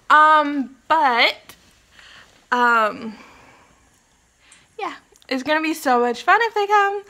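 A fairly high-pitched, sharp-toned young woman rambles casually in a vlog filmed in her condo. Her chat is scattered and giggly, peppered with ums and apologies.

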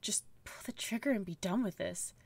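A woman's voice: mid-range voice, normal speed, creaky, a little mellow, breathy edge, no echo, faint music behind. A woman reading a lofty rooster prosecutor. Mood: resigned. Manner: dismissive, lofty. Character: proud rooster prosecutor, older man, cold.

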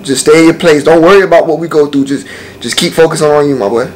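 A man's voice: a little high, fast talker, a little mellow, rough recording. A young man chatting casually on a video chat app, roasting the strangers he meets with brash, profane slang and a lot of laughter.

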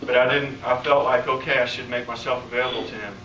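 An American man preaching a sermon, telling a healing story and acting out its dialogue, his voice climbing high as he gets excited. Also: fast, slight background noise. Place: church or conference hall, live audience. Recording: echoey hall, voice from a distance.

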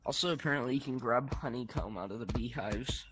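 Young male gamer, dry and laid-back, clear hiss behind. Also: mid-range voice, a little fast. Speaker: gaming friend. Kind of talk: casual gaming chat.

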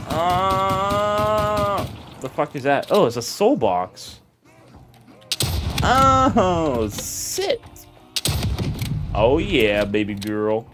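A young man talks over a video game with lively, up-and-down delivery, joking crudely and yelling when something surprises him. Game music plays underneath his voice throughout. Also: medium pitch. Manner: crude joking, loud excited outbursts. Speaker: gaming video host. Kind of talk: let's play commentary.

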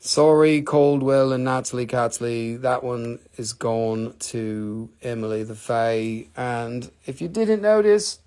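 A man with an Appalachian American accent hosting a casual live crystal sale, chatty and excitable, swearing and reading out buyer claims. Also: medium pitch, takes it slowly, few pauses. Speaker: live-stream crystal seller.

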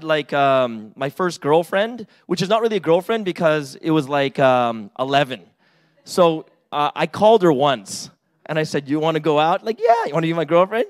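A man in his forties giving a casual sermon with personal stories, chatty and full of "right?" asides. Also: high-pitched. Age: 40s. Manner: chatty, many fillers and "right?" asides, acts out quotes. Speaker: pastor.

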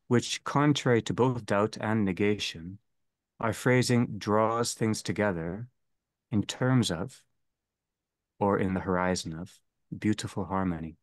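A man leading a theology seminar, speaking slowly and deliberately and restating each phrase. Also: on the low side, no echo. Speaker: seminar leader. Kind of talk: theology lecture.

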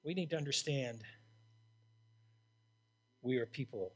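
An older male pastor preaching with a high, bright, forceful voice. He is blunt and emphatic, swinging between loud declarations and hushed asides. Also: normal speed. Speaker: interim pastor. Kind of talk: sermon.

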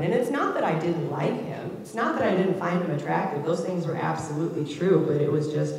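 In a large event hall full of echo and long reverb, a thirtysomething woman from Ohio shares a candid, reflective personal story at a community event. Her voice is on the low side, expressive, creaky and a little mellow, a little fast with few pauses, and she acts out quoted voices.

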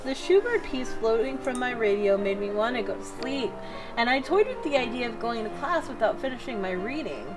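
A woman with a fairly high voice reads visual novel narration aloud in a light, giggly manner. Game music plays clearly behind her. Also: lively intonation, brisk. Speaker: guest co-player.

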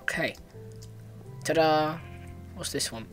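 A man's voice: mid-range voice, normal speed, a bit bright. Man muttering over a parkour game, faint music. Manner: talks to himself, frustrated outbursts and mutters. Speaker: gaming let's player. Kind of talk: casual gameplay commentary.

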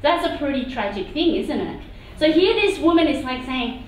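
A woman preacher giving a sermon in a church meeting room, talking in an animated, conversational way with asides. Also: high-pitched, normal speed, a little hiss or hum. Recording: echoey hall from far off.

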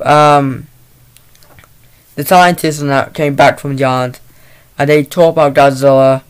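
A man giving a casual movie review, retelling the plot in a halting, rambling way into a laptop mic. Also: a little high, smooth.

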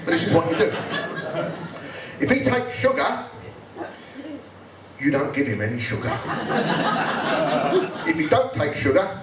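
Sweary stand-up comedian, echoey live room. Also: male voice, on the high side, big pitch swings. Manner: blunt, sweary, acts out office characters in quick voices. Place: live venue with audience laughter. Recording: echoey live room, mic picked up from a distance, crowd audible.

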